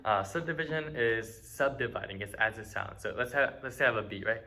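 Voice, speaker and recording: A man's voice: fairly low pitch, fairly quick, few pauses, sharp tone. An eighteen-year-old man giving a casual, friendly violin lesson, with many ums and uhs. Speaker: student violin teacher.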